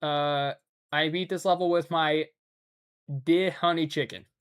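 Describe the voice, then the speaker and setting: A man's voice: fairly high pitch, steady tone, a little slow, fairly bright tone, clear, resonant tone. A man streaming a hard game live, talking casually with an exasperated, rambling and joking manner.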